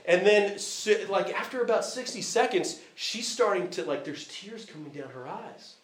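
A man's voice: high-pitched, animated, moderate pace. A man preaching a conversational sermon from the United States, telling a family story with frequent fillers and restarts. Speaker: visiting preacher. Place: church hall. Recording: echoey church hall.

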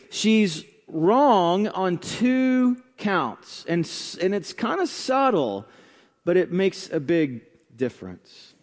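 A man delivers a sermon in a relaxed, conversational way, pausing and tossing in asides. His voice sits high. The sound carries the long reverb of a church sanctuary. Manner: conversational preaching with asides and pauses. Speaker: pastor.

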